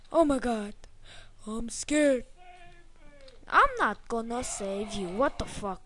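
A woman giving excitable let's play commentary, swearing and cheering herself on as she plays. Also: on the high side, takes it slowly, long pauses, slight background noise. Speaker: gameplay commentator.

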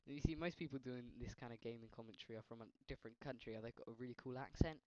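A man with a slight Scottish accent does jokey let's-play commentary, excitably yelping and laughing at the game and tossing in jokey asides. He speaks very fast in a mid-range voice. The audio is lo-fi, with no room sound.

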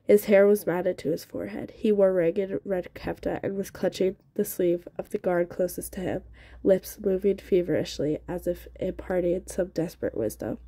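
A woman narrates a novel in a steady, expressive reading voice. Her tone is soft and mellow, and the recording is dry and close with no room echo. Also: on the low side, normal speed. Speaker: audiobook reader.

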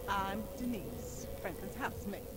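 An actress playing a nagging, sassy middle-aged aunt in a video game. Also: female voice, mid-range voice, measured pace, very noisy, lightly acted. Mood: scolding.

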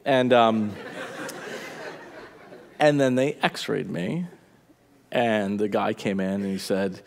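A male pastor preaching a sermon, telling a story with lively energy and laughing at himself. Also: lowish voice, unhurried, gravelly, pauses often. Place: church auditorium. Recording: church hall reverb.

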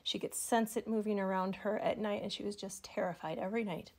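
A middle-aged woman teaching an art project at a table in her home studio, telling a story slowly and softly and dropping to a whisper now and then. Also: medium pitch, fairly even intonation, creaky, breathy edge. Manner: soft, slow storytelling with whispered asides. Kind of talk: art tutorial narration.

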